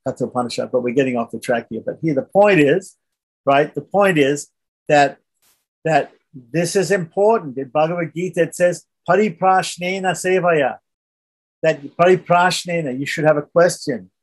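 A man with a husky, somewhat high voice leads a scripture class. He retells the story in a relaxed, conversational manner and keeps asking his listeners "right?". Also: normal speed. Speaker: religious teacher.

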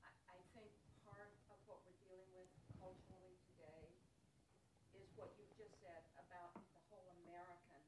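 A woman in the class making a thoughtful comment from the audience and pausing to find her words. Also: on the low side, steady tone, echoey room, recorded from a distance, very noisy. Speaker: class participant.

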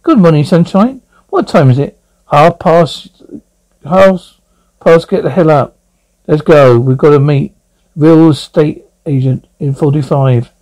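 A man's voice: on the high side, a little mellow, lightly acted, low-quality recording. A man voicing a chatty, wisecracking young male lawyer friend in an amateur audio drama. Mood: teasing. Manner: wisecracking, rapid teasing.

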